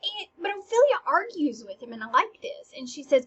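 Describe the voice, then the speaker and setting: A woman teaching a scene from a classic play in a casual, animated way, acting out the lines and dropping into near-whispered asides. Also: sits high, fairly quick, few pauses. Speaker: teacher explaining Shakespeare. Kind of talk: casual lecture with dramatic readings. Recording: dull lo-fi recording.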